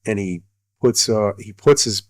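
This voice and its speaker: A man's voice: fairly low pitch, measured pace, dry recording. A middle-aged man, a retired army colonel, telling a story casually, rambling with many fillers and restarts.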